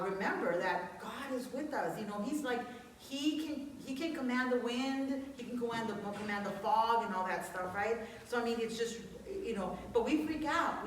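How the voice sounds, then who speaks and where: A woman with a fairly high voice preaches in a chatty, earnest way, often restarting her sentences. She sounds far from the mic in a very echoey church hall, with faint noise underneath. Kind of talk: conversational sermon.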